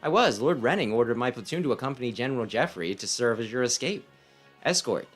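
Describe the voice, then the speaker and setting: A man's voice: medium pitch, animated, fast, faint music behind, lightly acted. A man voicing a pompous, overly dramatic male knight with theatrical declarations, reading a game aloud. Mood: grand.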